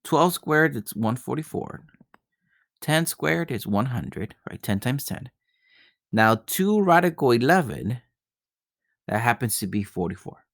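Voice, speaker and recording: A man's voice: medium pitch, big pitch swings, a little slow, gravelly, long pauses, a bit bright, dry recording, studio quality. A male math teacher working through geometry problems step by step, often repeating himself and checking in with "right?". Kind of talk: recorded math lesson.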